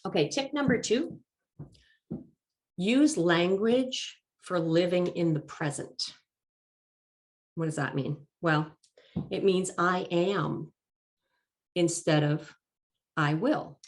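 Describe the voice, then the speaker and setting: A woman giving a talk as a life coach, calm and encouraging, slightly congested from allergies and clearing her throat now and then. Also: fairly low pitch. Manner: calm, encouraging and measured, stressing key phrases. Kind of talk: presented talk.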